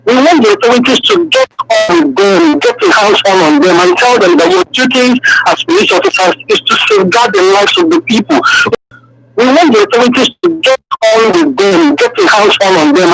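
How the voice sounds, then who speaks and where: A man's voice: extremely high pitch, gravelly. A man with a Nigerian accent calling a radio show, pressing his points emphatically and repeating them, heard over a phone line. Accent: Nigerian English. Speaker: caller. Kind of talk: call-in radio comment.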